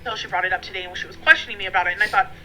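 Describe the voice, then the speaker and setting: A woman's voice: medium pitch, steady tone, rapid-fire, pushed and bright, soft background music, low-quality recording. A woman vlogging from her dining room at home, talking in a rambling, friendly way with many fillers. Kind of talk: casual chatty vlog.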